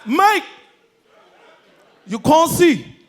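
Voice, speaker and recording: A man putting on a loud fake London bloke. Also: extremely high pitch, big pitch swings, extremely slow, voice pushed up, exaggerated voice. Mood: swaggering. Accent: put-on South East London. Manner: loud, swaggering slang. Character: brash young man home from London.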